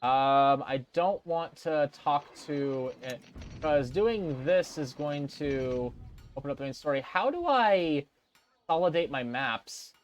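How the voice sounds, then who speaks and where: A man's voice: a little high, animated, takes it slowly, a little hiss or hum. Man casually narrating a game. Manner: reads game text aloud, thinking aloud with fillers. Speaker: let's play gamer. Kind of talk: casual gameplay commentary.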